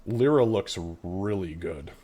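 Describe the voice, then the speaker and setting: A man with a lowish voice runs a tabletop game session for his players. He narrates in a measured, calm way, pausing often on fillers as he describes outcomes. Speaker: game master.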